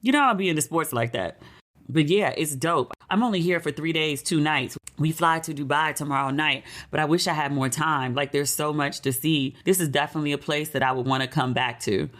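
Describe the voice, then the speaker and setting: A woman's voice: low voice, fairly quick, a bit bright. A middle-aged American woman hosting a podcast, chatting casually and acting out the people in her stories. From United States. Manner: chatty storytelling, acts out quoted people in a raised voice. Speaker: podcast host. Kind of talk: casual chat.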